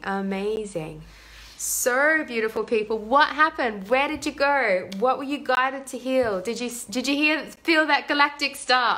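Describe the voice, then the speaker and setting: A woman energy healer guiding a live meditation in a soft, unhurried voice, repeating gentle affirmations and then reading viewer comments aloud. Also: sits high.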